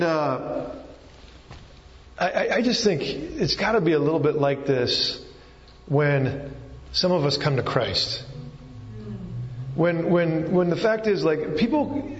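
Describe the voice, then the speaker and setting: A male pastor whose voice is a bit higher than most men's gives a casual, conversational sermon, often stumbling, restarting sentences and using fillers. The audio is dull and lo-fi, with a long ringing echo from a church hall.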